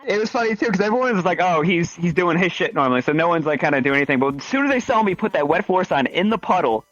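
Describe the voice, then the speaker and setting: A man's voice: high-pitched, quick pace, muffled recording, soft background music. A young man, a streamer, telling stories in casual chat, swearing a lot and acting out quotes. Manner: animated, swearing, acts out quotes.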